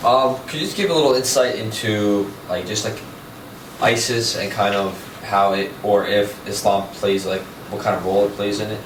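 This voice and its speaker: A man in the audience asking a question in hesitant, halting phrases. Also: lowish voice, steady tone. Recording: distant, echoey with background noise.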